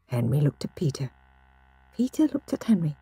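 Woman reading a kids bedtime story, expressive, music playing under her. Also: deep voice, normal speed.

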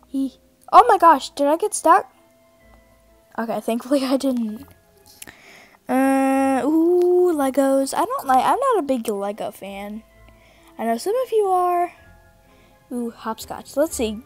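A woman giving casual commentary over a horror game, excitable and easily startled, repeating her exclamations over and over. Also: high voice, unhurried, long pauses, no room sound, faint music behind. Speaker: gameplay commentator.

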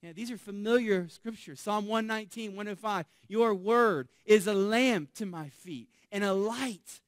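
A man, a pastor, preaching a sermon, swelling loud on key phrases and dropping soft on asides. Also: sits high, unhurried, dry recording, clean studio sound.

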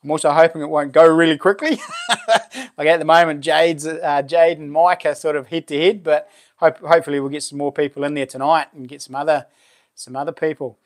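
A man with a New Zealand accent chats casually as the host of a live stream, trailing off and starting over as he talks. His voice sits a little high for a man. His tone stays friendly and easy as he thanks his viewers. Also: steady tone, brisk. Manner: chatty, thanks viewers warmly, lots of fillers and laughs. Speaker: livestream host and knifemaker.

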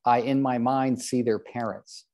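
Unhurried and a little mellow, this older man speaks with a medium pitch and steady tone. He leads a live group coaching session for real estate agents, poking fun at himself and singling out trainees by name.

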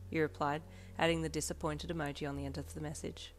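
A woman reading a fanfiction story aloud in the second person, calm and even, as a storyteller. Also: low voice, fast, hardly any pauses. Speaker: fanfiction reader. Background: soft backing music.

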